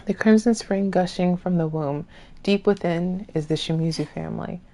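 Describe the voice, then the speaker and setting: A woman's voice: on the low side, moderate pace, mellow. A woman streamer giving casual let's-play commentary, jokingly scolding the enemies and characters on screen. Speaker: gaming streamer.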